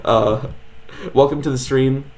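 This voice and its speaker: A man's voice: mid-range voice, steady tone, slow pace, a little mellow. A man streaming a video game, chatting casually with viewers in a laid-back, filler-heavy way. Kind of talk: casual live-stream commentary.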